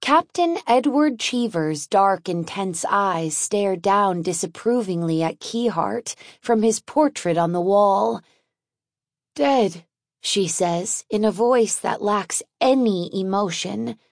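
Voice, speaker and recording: Unhurried woman audiobook narrator. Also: medium pitch, no room sound, studio quality. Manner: wry, conversational first-person storytelling.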